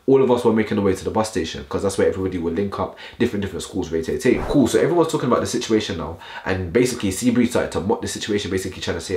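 Fast-talking deep-voiced man. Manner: slang-heavy, animated storytelling to viewers. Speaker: vlogger. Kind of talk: storytime vlog. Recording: roomy echo.

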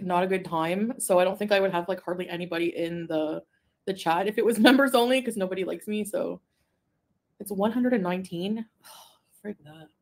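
A woman from Quebec chatting casually on a live stream, reading viewer comments, rambling and giggling, sometimes trailing off into a soft mumble. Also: medium pitch. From Quebec, Canada. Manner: rambling, easily distracted, giggly asides. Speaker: livestreamer.

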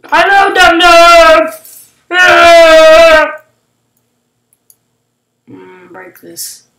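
Woman game commentator, high bright voice, excitable, unhurried, echoey room. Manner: excitable, shrieks and gasps at surprises. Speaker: gaming channel host. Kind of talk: casual gameplay commentary.

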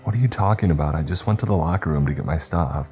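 A man voicing a wary young woman who works at a tech store, keeping her tone calm and guarded. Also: a bass voice, fast talker, faint music behind. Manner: guarded, trying to sound calm.

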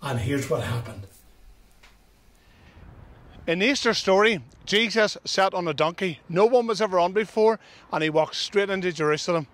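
High-voiced man telling children a story. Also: lively intonation, normal speed, pauses often, fairly bright tone. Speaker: children's ministry speaker. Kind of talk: children's assembly talk. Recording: roomy sound from a distant mic.

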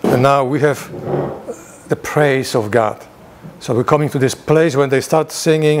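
A man's mid-range voice, fairly even in intonation and at a normal pace, belongs to a priest guiding a Bible study in church. He reads passages aloud with a lifted delivery before breaking them down in plain talk peppered with rhetorical questions.

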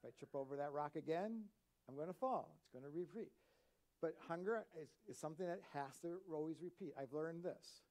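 A man preaching a sermon as pastor in a church, animated, swinging between loud emphatic bursts and quiet asides. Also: fairly high pitch, a little fast.

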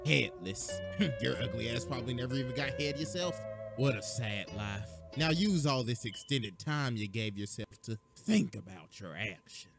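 A man voicing a calm, condescending old martial arts master who talks slowly and softly. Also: mid-range voice, creaky, music in the background, pitched below the performer's own voice. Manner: slow, soft, patronizing.

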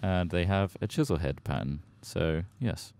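A man's voice: sits low, moderate pace, gravelly, clean tone. A man playing a game with friends, making crude jokes and explaining crafting steps. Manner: crude jokes, sudden shouts. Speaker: gaming video host. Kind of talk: casual game chat.

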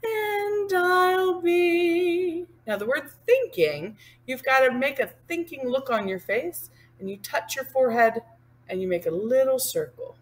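This woman's voice is fairly high and animated as she patiently teaches sign language, describing each hand movement one sign at a time. After slowly explaining a sign, she sings the line.

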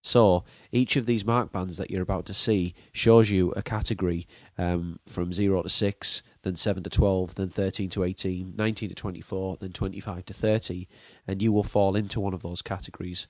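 Low-voiced guy teaching, careful and steady, lists things out one at a time, dry sound. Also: no echo. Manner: measured, listing terms one by one. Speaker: drama teacher. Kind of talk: explanatory lesson.

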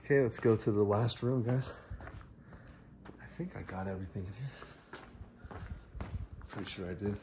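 A man from the United States vlogging a casual walk-through of a big rental house, chatty and excitable, talking to viewers as guys and breathing a little heavily. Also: lowish voice, moderate pace, long pauses, background noise. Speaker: vlogger giving a house tour. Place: large rental house indoors.

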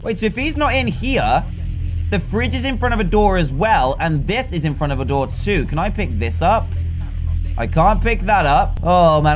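Excitable British man, high lively voice. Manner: excitable, breaks into panicked shouts. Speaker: gaming video host. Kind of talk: let's-play gameplay commentary. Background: faint game music.

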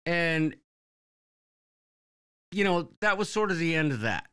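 A man's voice: sits high, slow, long pauses, smooth. A man co-hosting a live show, rambling through a story and acting out what people said. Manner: rambling, animated storyteller who acts out quotes. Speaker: podcast co-host. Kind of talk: casual live-stream storytelling.

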